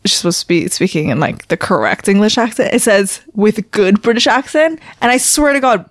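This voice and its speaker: A woman's voice: mid-range voice, lively intonation, brisk, no room sound, clean studio sound. A woman co-hosting a casual podcast, chatty and asking lots of questions. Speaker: podcast co-host. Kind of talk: casual chat.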